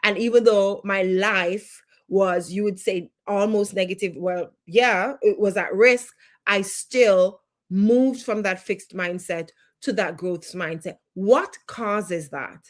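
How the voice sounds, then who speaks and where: A woman's voice: mid-range voice, takes it slowly. A woman with a Jamaican accent, a life coach teaching a live online lesson, emphatic and fond of repeating phrases for effect.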